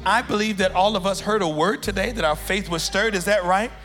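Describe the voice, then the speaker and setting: A man preaching in a church, leading a loud, chanting prayer with call-and-response before an offering appeal. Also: high voice, a little fast, big-room sound. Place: church sanctuary with congregation. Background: church music playing.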